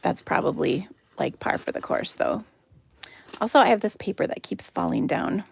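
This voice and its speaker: A middle-aged woman chats casually while live-streaming a craft class from her home craft room on her phone camera, rambling with fillers and laughter. She speaks at a moderate pace in a lowish, slightly rough voice with vocal fry and big pitch swings.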